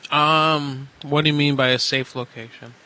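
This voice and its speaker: A man's voice: on the high side, steady tone, normal speed, sharp tone. A man calling roadside assistance, telling a long, rambling, profane story with lots of hesitation. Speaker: caller. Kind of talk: rambling phone call. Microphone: phone.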